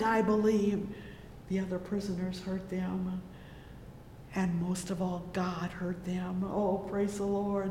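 Fervent preacher, unhurried sermon delivery, swells on exclamations; recorded in a long-reverb hall. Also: level tone, a little mellow. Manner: fervent, peppered with "oh, yes" and "praise the Lord". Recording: echoey hall with faint rumble.

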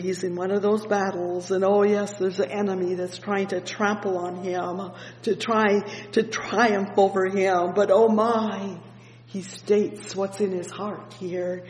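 A fervent male preacher with a high voice, unhurried and deliberate, working through a psalm verse by verse. He punctuates every thought with "oh yes" and "praise the Lord." His voice rings through a roomy hall with long reverb over a faint hum. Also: flat delivery. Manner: reads scripture slowly and deliberately. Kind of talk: evening sermon, Bible exposition.

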